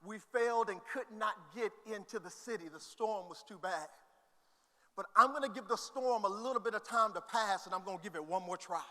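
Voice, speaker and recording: High-voiced preacher, church reverb. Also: male voice, a little fast. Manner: builds from quiet scripture reading to shouted preaching. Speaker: pastor. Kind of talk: sermon. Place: church hall. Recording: long reverb of a church hall.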